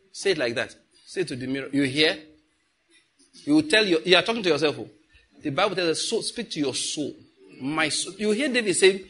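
A middle-aged Nigerian pastor gives a sermon in an easy, conversational style, slipping into pidgin asides. His slightly high voice is bright, forceful and husky with a rough edge, very animated and a little fast.

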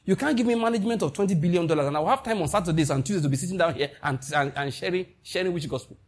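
Husky Nigerian pastor preaching emphatically. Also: male voice, high-pitched, very fast. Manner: emphatic, animated preaching with Nigerian Pidgin asides. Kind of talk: sermon.

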